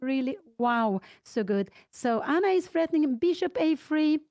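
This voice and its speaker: Excitable older Swedish woman commentating chess. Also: high-pitched, moderate pace, dry recording. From Sweden. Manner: excitable, thinking aloud through move lines.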